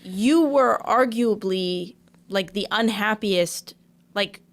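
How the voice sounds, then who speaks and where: A young woman co-hosting a casual podcast, often chiming in with quick "yeah"s. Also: medium pitch. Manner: frequent quick agreeing interjections. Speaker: podcast co-host. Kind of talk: casual chat.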